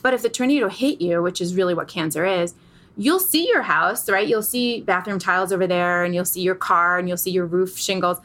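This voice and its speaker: A middle-aged woman speaking candidly as an interview guest, earnest and animated, explaining through vivid analogies. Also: fairly low pitch, brisk.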